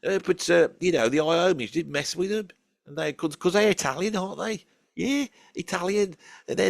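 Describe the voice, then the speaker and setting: Grumpy Birmingham-accented man, gravelly and a little high, dry close sound, rambling comic storyteller. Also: dry recording. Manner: grumpy, rambling, swears casually. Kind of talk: comic character monologue.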